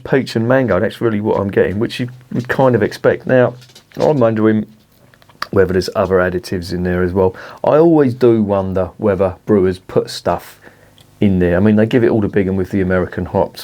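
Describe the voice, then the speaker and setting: A man's voice: fairly low pitch, brisk, darkish tone. A man reviewing a beer in a casual vlog, blunt and grumbling, swearing freely.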